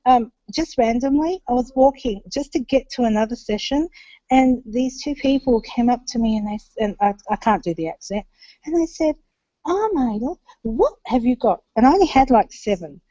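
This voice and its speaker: A woman's voice: on the high side, expressive, brisk, mellow, dry recording. A woman with an Australian accent, chatting casually and laughing as she tells stories from a conference. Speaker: conference attendee reporting back. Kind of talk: casual chat on a video call. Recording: dull lo-fi web call audio.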